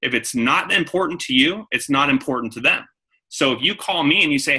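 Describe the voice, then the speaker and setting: A man's voice: fairly high pitch, animated, brisk, bright, forceful tone, husky, low-quality recording. A man giving a coaching talk to his sales team, repeating key points and acting out phone calls. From San Diego. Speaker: network marketing trainer.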